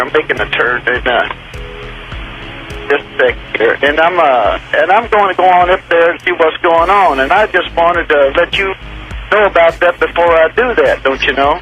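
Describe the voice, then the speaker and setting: A man calling in to a radio show from a small plane in flight, rambling and halting with many fillers. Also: on the high side, sharp tone, lo-fi sound. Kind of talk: phone-in call.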